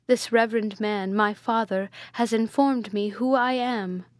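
A woman's voice: fairly high pitch, steady tone, measured pace, no room sound, lightly acted. A woman reading aloud and voicing a passionate, hot-headed young prince with urgent, pleading exclamations.

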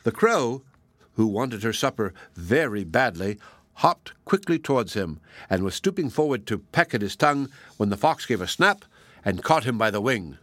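A man reading a fairy tale aloud as narrator, steady and measured. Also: lowish voice, no echo. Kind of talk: storybook reading.

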